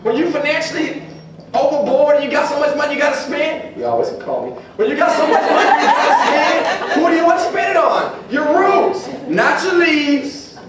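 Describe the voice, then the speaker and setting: A man's voice: very high-pitched, sing-song, normal speed, over a noisy crowd, heavy background noise. A man giving a motivational seminar talk in a large gym, preaching and leading the room in call-and-response chants. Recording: echoey gym, from far off.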